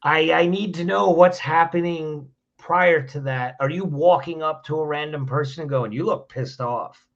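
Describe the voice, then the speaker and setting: A man's voice: fairly high pitch, fairly even intonation, normal speed, few pauses, a bit bright. Plainspoken man with a muffled sound. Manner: repeats words, restarts phrases, plainspoken. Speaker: guest on a podcast. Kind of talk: conversational advice on handling anger.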